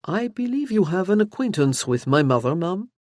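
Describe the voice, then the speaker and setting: A woman's voice: fairly low pitch, sing-song, moderate pace, darkish tone, no room sound, studio quality. A woman voicing a genial, courteous male earl in an audiobook. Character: Lord Rosthorn, genial French-accented male earl.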